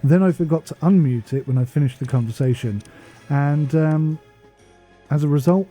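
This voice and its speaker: An English man with a medium-pitched, warm voice rambles through a casual voice-over for gameplay on his gaming channel. He's chatty and self-deprecating and often wanders off on tangents.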